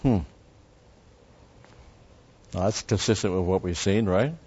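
Man teaching scripture, low muffled voice. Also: a little slow, a little mellow, breathy edge. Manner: conversational, explains word by word with asides. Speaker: Bible teacher. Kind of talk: verse-by-verse Bible teaching. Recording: dull lo-fi sound.

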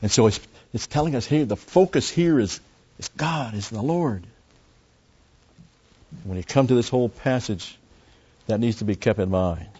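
A pastor teaches a Bible sermon, walking through a passage step by step and repeating key phrases. His husky, mid-range voice has a dark tone, normal speed and long pauses, in a lo-fi recording.

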